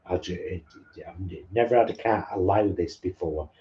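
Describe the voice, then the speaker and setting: Very low, warm-toned male co-host, bantering home chat, muffled sound. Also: moderate pace. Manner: chatty, down-to-earth banter. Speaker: co-host of a live stream. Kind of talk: casual live-stream chat. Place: home lounge.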